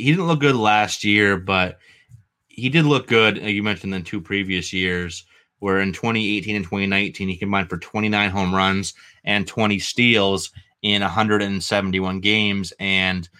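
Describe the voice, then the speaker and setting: A man's voice: on the low side, moderate pace. A man with a New England accent co-hosting a baseball podcast, rattling off stats in casual, rambling chat. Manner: animated, stat-heavy, rambling with fillers. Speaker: fantasy baseball podcast co-host.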